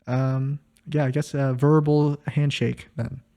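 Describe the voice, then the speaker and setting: Mellow laid-back young man chatting. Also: medium pitch, level tone, slow pace, vocal fry. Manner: rambling, laid-back, trailing off. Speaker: podcast co-host. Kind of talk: casual chat.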